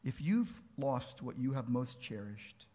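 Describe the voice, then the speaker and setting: A man's voice: mid-range voice, big pitch swings, a little slow, mellow. A man preaching a sermon as pastor, earnest, asking pleading rhetorical questions and building to emphatic peaks.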